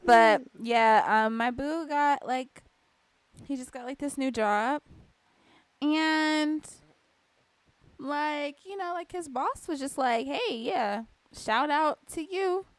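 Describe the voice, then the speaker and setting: A woman's voice: high-pitched, slow pace. A woman co-hosting a podcast in casual chat, telling a story with laughing asides. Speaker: podcast co-host.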